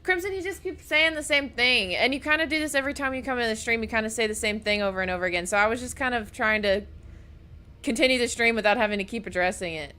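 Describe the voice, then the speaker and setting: Fast-talking and forceful, a young woman with a fairly high, bright voice chats on her gaming livestream from a desk mic at home. She's gushing and emotional, with baby talk for her pets.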